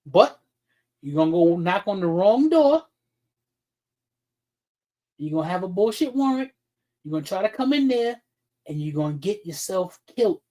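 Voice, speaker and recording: A man's voice: sits high, big pitch swings, moderate pace, pauses often, dark tone. A man hosting a livestream talk show, delivering blunt, profane, confrontational commentary with frequent restarts and repeated words. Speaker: streaming talk show host.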